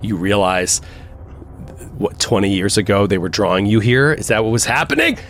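Low-voiced dude gm, really animated, music going in the back. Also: male voice, normal speed, slight background noise. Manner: playful, prompting players. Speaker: game master. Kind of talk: running a tabletop horror game.

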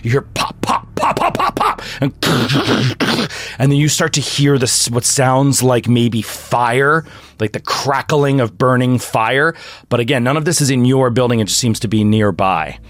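A man narrates a horror tabletop session as game master, his voice sitting at an ordinary middle pitch. He talks through a video call, building scenes with many fillers and restarts and breaking into loud sound effects. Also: unhurried, no room sound.

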